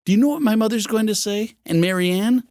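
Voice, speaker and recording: A man voicing an upset young wife who speaks in a raised, pleading pitch in an audiobook. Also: big pitch swings, normal speed, darkish tone, no room sound, studio quality. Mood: distressed.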